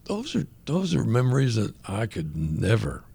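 Older male radio guest, husky storyteller, lively pitch, acts out the voices. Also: moderate pace. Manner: animated storytelling, acting out quoted voices. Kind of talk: conversational testimony.

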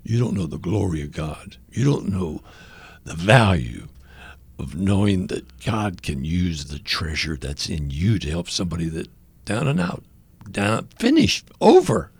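An older man telling a personal story as a radio guest, animated, acting out the voices of the people he quotes. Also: low voice, a little slow, vocal fry, husky, no echo. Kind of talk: conversational testimony.

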